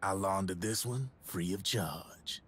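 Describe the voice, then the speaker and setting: A man voicing a laid-back male arms dealer in a game, speaking in a wry, relaxed way. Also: low-pitched, slow pace, breathy edge, full character voice. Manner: relaxed, wry, sometimes hushed.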